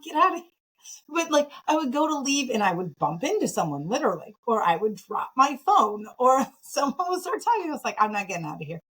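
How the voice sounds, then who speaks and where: Woman from Michigan, interview guest; mid-pitched, lively, self-mocking storyteller. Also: rough recording. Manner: animated, self-deprecating, laughs often. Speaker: podcast guest, nonprofit founder.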